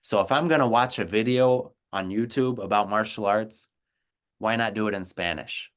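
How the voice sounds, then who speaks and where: American guy, low smooth voice, earnest pep-talk about learning languages, keeps repeating himself for emphasis. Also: normal speed, a bit bright. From United States. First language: English. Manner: earnest, encouraging, repeats words. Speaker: co-host, language teacher. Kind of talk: casual conversation.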